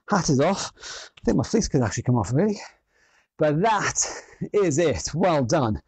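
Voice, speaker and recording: A man's voice: on the high side, creaky, darkish tone, breathy edge, no echo. A man leading an online workout class, counting down rounds and encouraging people in an upbeat way. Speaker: fitness instructor.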